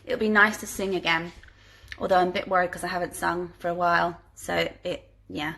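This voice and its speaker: A woman's voice: lowish voice, flat delivery, fairly quick, creaky, fairly bright tone. A woman, chatting casually on a live stream from home and reading out viewer questions, giggly and full of ums. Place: home living room.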